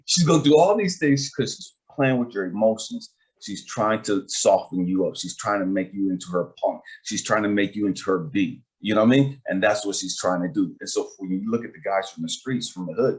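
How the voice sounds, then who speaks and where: A man hosting a casual talk as a life coach, speaking emphatically in a streetwise way and often asking if he's understood. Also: fairly low pitch. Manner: emphatic, streetwise, repeats "you know what I mean".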